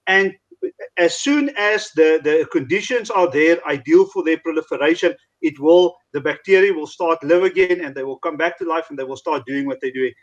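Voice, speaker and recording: A man from South Africa explaining meat curing in an interview, halting and restarting often. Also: fairly high pitch. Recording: dull lo-fi recording.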